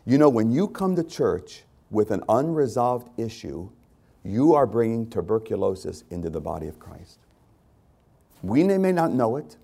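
A man's voice: on the low side, big pitch swings, moderate pace, gravelly, mellow, husky. A male pastor preaching a conversational sermon to his congregation, repeating phrases for emphasis.

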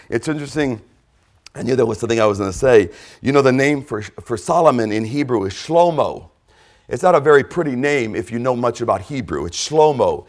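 A man preaching a sermon, emphatic, repeating key phrases and dropping to a quiet stress on points. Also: medium pitch, animated, moderate pace.

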